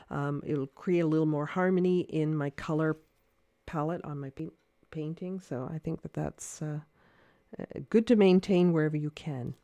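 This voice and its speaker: A woman demonstrates watercolor painting in a relaxed livestream, her voice mellow and warm. She thinks aloud, hesitating and correcting herself, and speaks in a gentle, encouraging way. The sound is dry and close, with no room echo. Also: low voice. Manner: chatty, thinking aloud, hesitant with many fillers. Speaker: watercolor art teacher.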